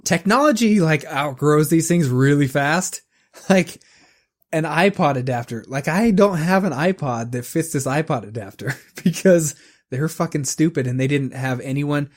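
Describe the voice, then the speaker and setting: A man's voice: a little high, lively intonation. Rambling, cursing man on a podcast. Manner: rambling, profane ranting, quick restarts. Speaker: podcast co-host. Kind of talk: casual podcast chat.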